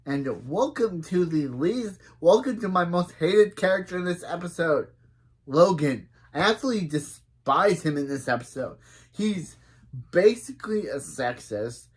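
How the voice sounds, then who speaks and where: Guy doing a chatty show recap, slightly high voice, reads lines out, gets worked up. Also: animated, a little slow, husky. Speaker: show reviewer. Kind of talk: casual reaction commentary.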